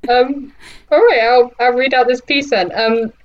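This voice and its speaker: A woman co-hosting a podcast in casual chat, making quick remarks and laughing between them. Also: on the high side, fairly even intonation, muffled recording. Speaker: podcast co-host reading her writing.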